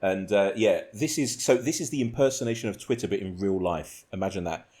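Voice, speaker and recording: A man's voice: on the low side, a little fast, a little mellow. A man hosting a casual podcast, telling rambling stories and laughing often. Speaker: podcast host.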